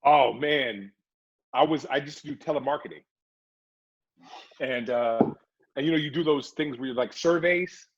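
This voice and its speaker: A man, an actor, chatting casually in an interview and telling lively stories, sometimes slipping into put-on voices. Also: mid-range voice, measured pace, long pauses, breathy edge. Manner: animated storyteller, slips into put-on voices. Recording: dull lo-fi recording.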